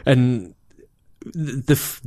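A man, co-hosting a podcast in casual chat, laid-back and quick to laugh along. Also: medium pitch, dark tone. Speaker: podcast co-host.

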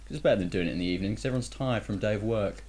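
Brief: male podcast host, fairly deep, loose banter with tag questions. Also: very fast, darkish tone. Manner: chatty, teasing, leans on tag questions. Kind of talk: casual gaming podcast chat.

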